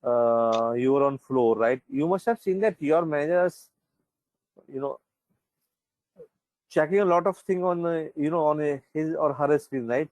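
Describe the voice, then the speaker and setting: A man's voice: on the high side, measured pace, pauses often, a little mellow, no echo, rough recording. A man teaching an online class in a conversational way, often checking in with "right?" and "you know".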